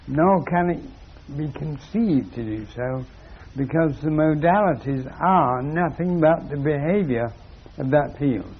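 A man giving a slow, measured spiritual lecture with long pauses. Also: a little high, expressive, slightly rough, dull audio.

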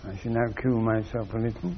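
A man giving a slow, measured spiritual lecture with long pauses. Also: mid-range voice, steady tone, lo-fi sound, noisy background.

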